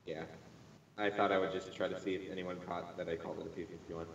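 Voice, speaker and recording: A man's voice: deep voice, little pitch movement, fast talker, gravelly. A man co-hosting a casual podcast, chatting and quoting films. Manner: chatty, quotes films with laughter. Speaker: podcast co-host. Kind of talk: casual chat. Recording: roomy, distant, dull lo-fi mic.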